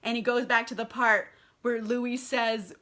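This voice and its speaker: A young woman retelling a novel's plot in loose, chatty vlog talk, swearing freely and leaning on fillers. Her voice is bright and forceful. It sits a little higher than most women's. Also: little pitch movement, measured pace. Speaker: book vlogger. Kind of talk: casual book recap.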